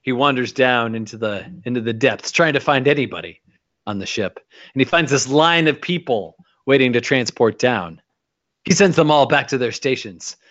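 Man, podcast co-host, casual recap, lively pitch, rambling delivery, dull lo-fi sound. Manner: animated, rambling, breaks into quick impressions. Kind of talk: casual chat recapping an episode. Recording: dull lo-fi audio.

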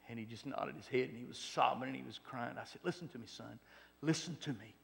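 A man preaches in a gravelly voice, his words ringing with the long reverb of a large hall. He shifts between loud exhortation and hushed, near-whispered passages. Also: medium pitch, fairly quick. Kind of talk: sermon testimony.

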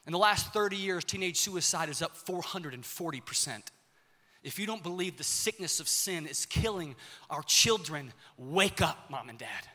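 A young man preaching a sermon with passion, swinging between shouts and hushed, quiet lines. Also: on the high side, animated, moderate pace. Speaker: pastor. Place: church auditorium. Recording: long reverb of a large hall.

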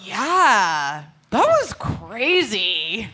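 A woman's voice: mid-range voice, big pitch swings, extremely slow, bright, forceful tone, exaggerated voice. A woman reading the part of an oblivious, cocky teenage boy in a comedic table read, cheerful and clueless. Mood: cheerfully oblivious.

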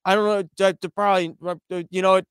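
A man's voice: high voice, level tone, a little fast, a bit bright, clean tone, no echo, studio quality. A man hosting a satirical news podcast, talking in a sarcastic, rambling, mock-serious way. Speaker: podcast host.

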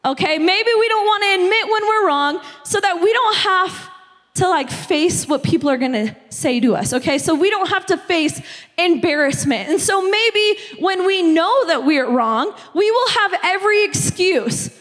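A young woman preaches a sermon in a chatty, conversational way, often checking in with her listeners. Her voice sits very high, and a long church hall reverb lingers after her words. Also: animated, normal speed, a bit bright. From United States. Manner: conversational, repeatedly asking "okay?". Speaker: youth pastor.

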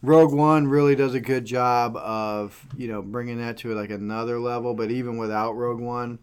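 A man's voice: medium pitch, steady tone, moderate pace, clean tone. An easygoing man with a mid-range voice, chatting on a podcast. He hesitates often with "uh"s and "um"s as he walks through his ranked list. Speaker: podcast co-host. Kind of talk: casual movie ranking chat.

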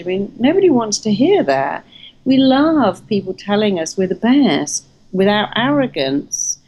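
A woman's voice: medium pitch, normal speed, breathy edge, poor audio. A woman, a hypnotherapist, talking emphatically in a casual interview and telling stories. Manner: emphatic, animated storytelling with acted quotes. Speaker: hypnotherapist and therapist trainer.

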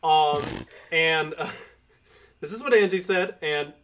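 A man's voice: fairly high pitch, slow, fairly bright tone, slight background noise. A man co-hosting a podcast in casual chat, rambling and hesitant with frequent laughs. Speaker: podcast co-host.

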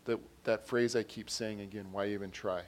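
A man preaching a sermon in an earnest way, repeating his phrases and growing louder when he reads quotes and scripture. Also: on the low side, fairly even intonation, moderate pace.

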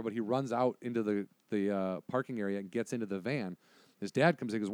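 A man's voice: lowish voice, quick pace, dry recording. A man telling a story in casual conversation, acting out the voices of the people in it. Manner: animated, acts out voices in his story.

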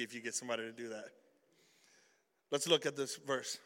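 A young man preaching an energetic youth sermon, telling stories in slang and swinging from loud bursts to hushed points. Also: medium pitch, long reverb tail. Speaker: youth pastor.

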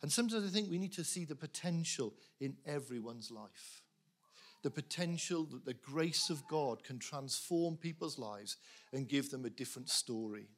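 A man preaching earnestly to a church congregation, animated, with laughs and quick asides. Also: mid-range voice. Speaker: pastor appealing for prayer. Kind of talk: sermon.

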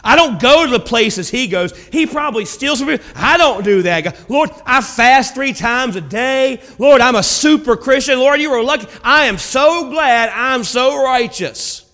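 Man doing a preening holier-than-thou church guy, pitched way up, big echoey hall. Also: expressive, moderate pace, hardly any pauses, pushed and bright, exaggerated voice. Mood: smug. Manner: preening, boastful. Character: smug self-righteous churchgoing man, pompous.

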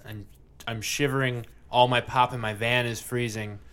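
Guy hosting a beer podcast, rambly and jokey, swears a lot, average pitch. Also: fairly even intonation, moderate pace, a bit bright, clear, resonant tone. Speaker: podcast host. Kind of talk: casual beer-tasting chat.

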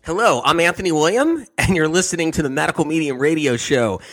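A man's voice: on the high side, animated, fast, a bit bright, faint music behind. A man hosting a health radio show, talking in a giggly, emphatic way and often repeating himself. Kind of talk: casual monologue on a health show.

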